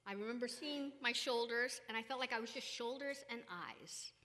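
A woman telling a family story in a lively, animated way, acting out what others said. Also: fairly high pitch, normal speed, big-room sound. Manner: animated, acts out quoted voices, laughs often. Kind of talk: spiritual storytelling with partner.

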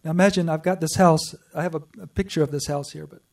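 A man giving an earnest personal testimony to a group, telling his story with pauses and restarts. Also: fairly high pitch, fairly even intonation, gravelly, darkish tone, distant mic. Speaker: speaker sharing a personal spiritual story.

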